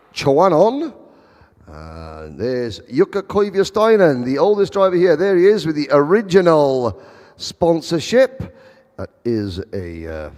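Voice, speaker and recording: A man's voice: medium pitch, darkish tone. A man giving live motorsport commentary, chatty with wry asides. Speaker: race commentator. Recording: long hall reverb.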